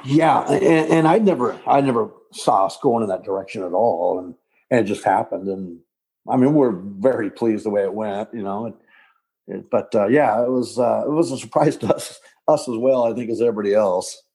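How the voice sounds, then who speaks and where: Gravelly, husky-voiced man, rambling. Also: on the low side, warm tone. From Southern California. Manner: rambling, halting, with restarts and laughs. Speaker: punk singer, guest. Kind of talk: casual interview.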